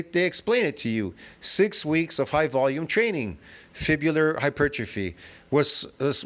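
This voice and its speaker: Profane, rambling man in his fifties. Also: on the high side. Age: 50s. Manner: lectures and keeps asking if you get it. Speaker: fitness commentator reacting to a video. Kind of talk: reaction commentary.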